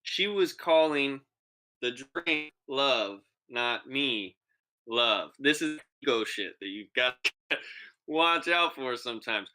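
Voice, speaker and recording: A man's voice: medium pitch, takes it slowly. A young man co-hosting a podcast, telling a long, profane story in casual chat and acting out the voices of the people in it. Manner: animated, profane, acts out quoted voices. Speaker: podcast co-host.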